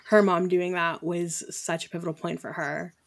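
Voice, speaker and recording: A woman in her thirties hosting a faith podcast. She speaks in a chatty, affirming way, asking questions and making quick asides. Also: fairly low pitch, level tone. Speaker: podcast host. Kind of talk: casual faith podcast conversation.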